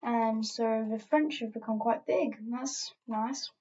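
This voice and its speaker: A woman's voice: a little high, measured pace, mellow, highs cut off. A woman casually narrating an alternate-history map as she edits it, rambling offhand with lots of fillers and asides.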